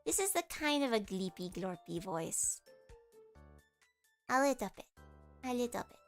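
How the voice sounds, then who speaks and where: A woman's voice: a little high, very animated, measured pace, faint music behind. A woman streamer chatting casually with her viewers in a nasal voice, explaining things as she goes. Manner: chatty, explains with vocal demos.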